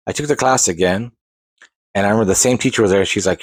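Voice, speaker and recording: Speaking rapid-fire in a husky, lowish voice, a podcast host in his forties rambles through a long personal story, restarting often and wandering into digressions. It's a casual storytelling monologue with a dry recording.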